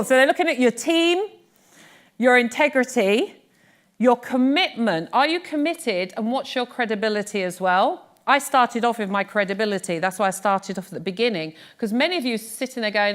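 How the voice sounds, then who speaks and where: A middle-aged British woman giving a live workshop talk on pitching, chatty and lively, teasing her audience. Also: fairly quick. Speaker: business speaking coach. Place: workshop room before an audience.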